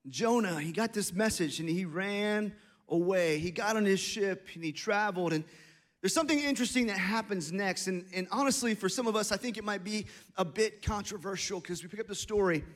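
A middle-aged man preaching a sermon as pastor, animated and acting out little voices and asides. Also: sits high, fairly quick.

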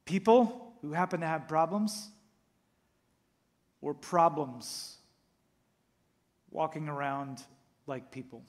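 A male pastor preaching a sermon, animated, acting out quotes and swinging between loud and hushed. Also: on the high side, slow pace, long pauses.

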